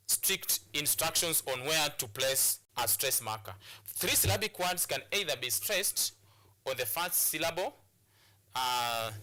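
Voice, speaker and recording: A man teaching a televised English lesson in a very bright, ringing voice, pitched a little high. He drills each point by repeating it, with frequent restarts and fillers. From Kenya. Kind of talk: classroom lesson on a TV show.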